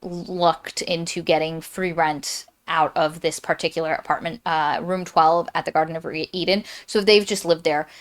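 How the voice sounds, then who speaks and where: Chatty woman with a low voice. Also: steady tone, moderate pace, few pauses. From Florida. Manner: chatty, restarts often, summarizing plot. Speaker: podcast co-host. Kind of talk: casual book discussion.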